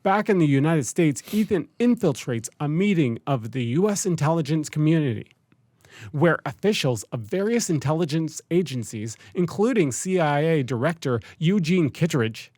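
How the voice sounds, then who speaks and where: A man's voice: on the high side, lively intonation, moderate pace, darkish tone, no room sound. A man co-hosting a podcast, steadily reading out a movie's plot between casual remarks. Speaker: podcast co-host.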